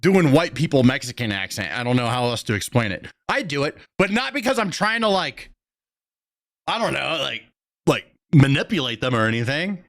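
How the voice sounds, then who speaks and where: A man's voice: mid-range voice, big pitch swings, moderate pace, fairly bright tone. A man hosting a reaction stream, giving blunt, profane running commentary.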